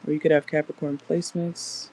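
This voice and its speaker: A woman's voice: sits low, little pitch movement, brisk, warm tone, slight background noise, poor audio. A woman doing a casual tarot reading in a car, chatty and blunt, swearing freely as she talks to viewers. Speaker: tarot reader.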